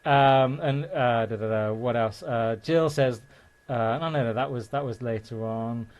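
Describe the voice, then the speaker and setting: A man's voice: medium pitch, a little slow, darkish tone. A male host of a live show, reading out viewer comments and bantering with an upbeat manner.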